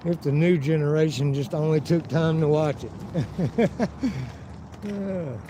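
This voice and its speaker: A man with a slightly high voice, live-streaming from his phone as he walks outdoors. He rambles from story to story, swears freely, and acts out the people he talks about. Traffic and street noise are loud behind him. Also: slow, poor audio. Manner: profane, rambling storyteller who acts out quotes. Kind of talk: casual live-stream vlog, walking outdoors. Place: outdoors by a river and town streets.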